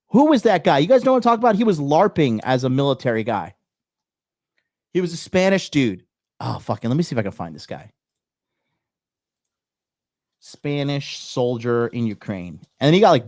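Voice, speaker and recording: A man's voice: medium pitch, darkish tone, no room sound. Young male host, brash and foul-mouthed, dry close sound, reacting live to a clip. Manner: blunt and profane, loose and swaggering. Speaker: dating coach hosting a call-in show.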